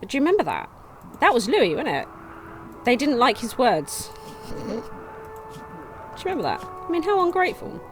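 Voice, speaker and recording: A woman's voice: high-pitched, brisk, over music. Woman chatting through a colony sim, reads stuff out, voice jumps all over. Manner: chatty, reads game text aloud, excitable outbursts. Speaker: let's play gamer. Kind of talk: casual gameplay commentary.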